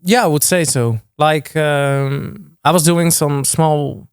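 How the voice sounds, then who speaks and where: A man's voice: on the high side, slow, clean tone, no room sound, clean studio sound. A young man, chatting casually as a guest in an interview, often restarting sentences with fillers. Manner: hesitant, many restarts and fillers. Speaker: guest music producer.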